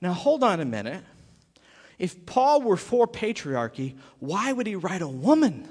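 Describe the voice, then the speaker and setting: Animated high-voiced male pastor preaching. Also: a little slow, slightly rough, long reverb tail. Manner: lively, joking, rhetorical questions. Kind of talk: sermon.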